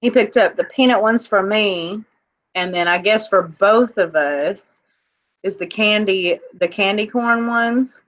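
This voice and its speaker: A woman chats and laughs easily while running an online auction, reading out comments and calling the bids. Her voice sits in a middle pitch, and the stream audio sounds muffled and lo-fi. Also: a little slow, fairly bright tone. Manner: chatty, giggly, reads out viewer comments. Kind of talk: casual live-stream auction chat.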